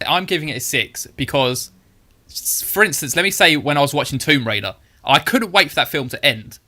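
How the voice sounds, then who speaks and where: A man co-hosting a film review podcast, calmly explaining his rating step by step. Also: a little high, brisk. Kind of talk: casual film review chat.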